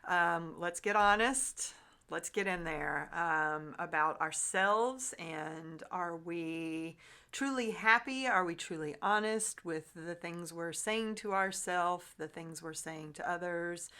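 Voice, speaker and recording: Bright-voiced chatty woman host. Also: lowish voice, takes it slowly, clear, resonant tone. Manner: upbeat, chatty, says "y'all". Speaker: podcast host. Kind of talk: casual chat.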